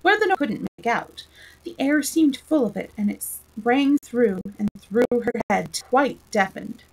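A woman storyteller reading a classic storybook aloud in a lively, expressive way. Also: fairly high pitch, unhurried, a little hiss or hum, low-quality recording.

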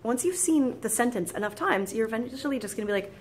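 Quick, chatty woman tutor, mid-range voice, faint hum behind. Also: a little high, expressive. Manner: chatty, rambling, laughs easily, acts out quoted thoughts. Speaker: French tutor. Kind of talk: casual video lesson.

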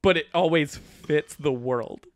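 A man's voice: fairly high pitch, measured pace, no echo, clean studio sound. A young man co-hosting a podcast in casual chat, laid-back, swearing and laughing often. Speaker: podcast co-host.

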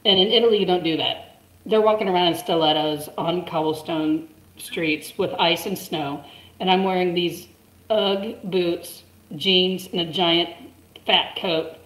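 A woman's voice: lowish voice, fairly even intonation, unhurried. A woman in her forties telling a story in casual chat, chatty and laughing often. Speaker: guest. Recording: roomy echo.

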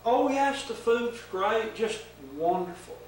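A man's voice: very high-pitched, expressive, slow pace, slight background noise, pitched above the performer's own voice, heavily acted. An older man raising his voice to play an innocent, cheerful young woman who gushes eagerly and naively, in an echoey room with the mic set far off. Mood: gushing.

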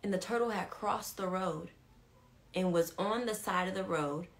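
A woman leads a live-stream devotional and tells her story straight to the viewers. She is animated and repeats key lines for emphasis. She often checks whether her audience is following along. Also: lowish voice, moderate pace. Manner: talks straight to viewers, asks if they follow. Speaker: women's ministry leader.

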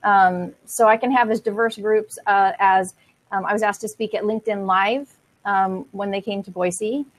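A woman's voice: medium pitch, fairly even intonation, normal speed, poor audio. Chatty woman speaker on a panel. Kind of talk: conversational discussion.

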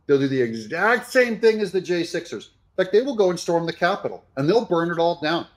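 A man giving sarcastic, animated reaction commentary on news clips. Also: fairly high pitch, fairly quick. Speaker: political commentator.

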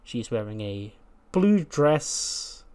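A man's voice: mid-range voice, big pitch swings, drawn-out words, darkish tone, clean tone. A man giving casual, rambling, jokey commentary on a game he is playing. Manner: rambling, jokey, slangy storytelling. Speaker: gaming YouTuber. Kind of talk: casual let's-play commentary.

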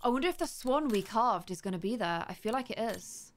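A woman's voice: on the high side, expressive. Chatty young woman narrating her gameplay. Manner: chatty, curious, thinks aloud and reads slowly word by word. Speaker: let's-play host. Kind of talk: gaming commentary, reading game text aloud.

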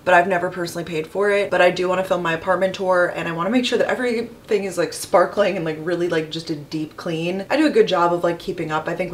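A woman's voice: lowish voice, a little hiss or hum. A young woman in her twenties chatting casually to the camera as a lifestyle vlogger, rambling with lots of "like". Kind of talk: casual vlog chat to camera. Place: city apartment and streets.

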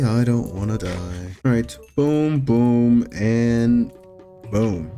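Young male gaming YouTuber, jokey and excitable, mid-pitched voice, faint music behind. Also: slow. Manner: jokey, excitable, yelps at scares. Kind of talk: Minecraft commentary.

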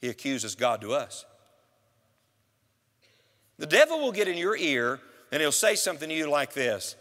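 A man's voice: on the high side, sing-song, moderate pace, fairly bright tone. A man preaching a sermon in church, putting questions straight to the congregation with strong emphasis. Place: church sanctuary. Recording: church hall reverb.

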